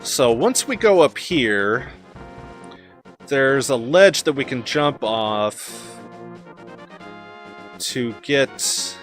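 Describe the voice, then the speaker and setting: A man's voice: mid-range voice, animated, extremely slow, pauses often, a bit bright, soft background music. A man chatting casually while playing a video game, giggly and self-mocking as he talks. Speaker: let's play host. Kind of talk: casual gameplay commentary.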